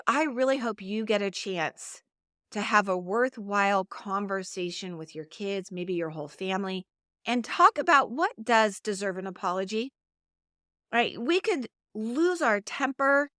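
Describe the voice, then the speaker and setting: A woman's voice: mid-range voice, a bit bright, no echo. Earnest coaching podcast woman, dry sound. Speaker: podcast host. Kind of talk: solo podcast talk.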